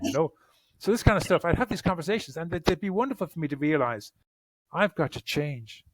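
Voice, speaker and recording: Earnest man, halting restarts. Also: fairly high pitch, lively intonation, no echo. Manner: earnest, repeats words when starting sentences. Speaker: therapist, podcast guest. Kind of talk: conversational interview answers.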